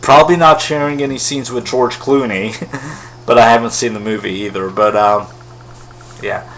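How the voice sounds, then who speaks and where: Guy rambling thru a movie review, kinda wry, average pitch, faint noise behind. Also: fairly even intonation, normal speed, a bit bright, poor audio. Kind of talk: casual spoken film review.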